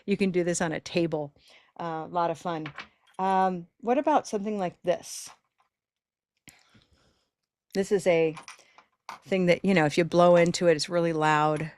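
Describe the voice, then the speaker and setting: A woman teaching pronunciation in a live online class, encouraging her students and stretching words out slowly to demonstrate the sounds. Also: fairly low pitch. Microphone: video call.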